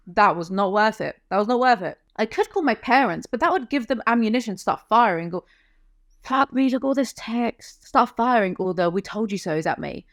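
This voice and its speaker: A young woman reviewing a novel for comedy, reading passages aloud and cutting in with sarcastic, deadpan asides. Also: medium pitch, dry recording, clean studio sound. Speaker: book reviewer.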